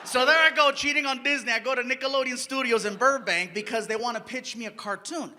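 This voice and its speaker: A man's voice: very high voice, fast talker, very noisy. A man doing stand-up, telling a story on stage and acting out voices and sound effects. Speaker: stand-up comedian. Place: comedy stage before a live audience.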